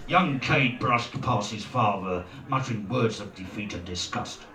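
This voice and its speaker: Male narrator, unhurried and wry, comic story, bright tone, lively pitch. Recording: roomy echo, distant mic.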